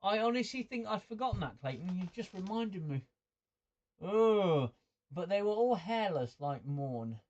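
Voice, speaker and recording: This man's voice comes across high-pitched and sing-song, unhurried and a little dark, though he's described as a mid-range male livestream host. Reading viewer comments over muffled, lo-fi audio, he chats away, stammers, repeats words while thinking, and laughs frequently.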